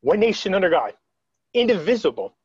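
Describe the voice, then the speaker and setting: A man's voice: high voice, big pitch swings, fairly quick, darkish tone, breathy edge, no room sound, lo-fi sound. Rambling storyteller man on a call. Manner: rambling, retells quotes, frequent restarts. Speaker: interviewee. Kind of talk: casual video-call storytelling.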